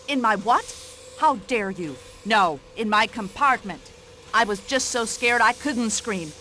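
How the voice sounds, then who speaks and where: A brash older American widow. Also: female voice, on the high side, expressive, a little slow, sharp tone, a little hiss or hum. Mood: indignant. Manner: indignant, nosy, fussy complaining chatter. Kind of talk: video game voice acting.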